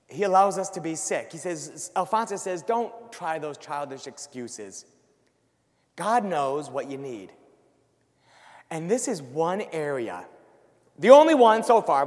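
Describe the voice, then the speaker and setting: Animated man preaching in a reverberant hall. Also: sits high. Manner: animated, acts out worried voices. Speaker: Catholic speaker. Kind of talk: church talk to a live audience.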